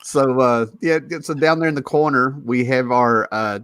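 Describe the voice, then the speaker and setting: A man's voice: mid-range voice, normal speed, fairly bright tone, clear, resonant tone, dry recording. A man hosting a casual show, joking and laughing often as he introduces his co-hosts. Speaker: podcast host. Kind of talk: casual chat.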